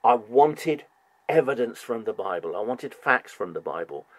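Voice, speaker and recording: A man hosting a heated religious debate, insistent and animated, repeatedly pressing for proof and mocking long-winded answers. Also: mid-range voice, normal speed, dry recording. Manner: mocking repetition. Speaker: show host debating a Jehovah's Witness by phone.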